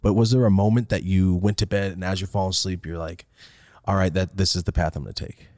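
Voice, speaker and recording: A man's voice: deep voice, fairly even intonation, fast talker, a little mellow, dry recording. Eager male podcast host, dry sound. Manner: eager, repetitive questioning. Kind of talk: casual interview.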